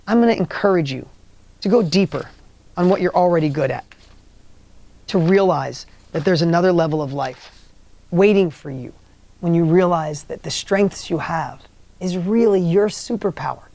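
A man's voice: sits high, warm tone, dry recording. Male motivational speaker, emphatic storyteller who acts out quotes, dry close sound.

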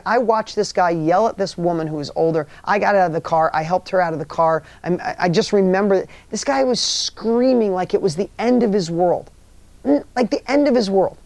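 A man's voice: sits high, a little mellow, no room sound. A man leading a motivational workshop, telling stories emphatically and repeating key phrases to the audience. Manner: asks the audience rhetorical questions. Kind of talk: motivational seminar talk.

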